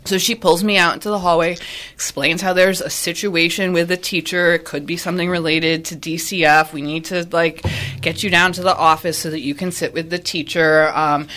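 A woman, a high school physics teacher, telling a personal story in a casual way, acting out the people she quotes. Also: normal speed. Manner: animated, acts out quoted people with jumps in pitch.

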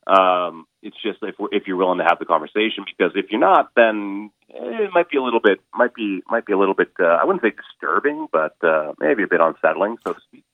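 A man being interviewed as a guest performer, speaking haltingly with many fillers and restarts. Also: low voice, expressive, dry recording. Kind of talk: casual interview over the phone. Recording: tinny phone line.

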